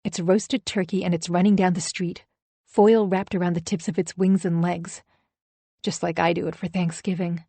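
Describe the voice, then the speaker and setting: A woman's voice: on the low side, little pitch movement, moderate pace, dark tone, dry recording. A woman narrating a first-person audiobook thriller in a wry, anxious storytelling manner.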